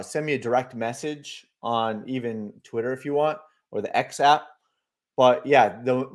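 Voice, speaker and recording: Chatty man hosting a market livestream. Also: mid-range voice. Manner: chatty, reads viewer comments aloud and answers them; loose and speculative, many fillers. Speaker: livestream market analyst host. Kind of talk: live stream chat.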